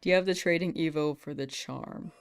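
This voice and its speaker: A woman's voice: low-pitched, normal speed, creaky, clear, resonant tone, soft background music. A young woman from the United States chatting casually with viewers on a live game stream, giggling often between remarks.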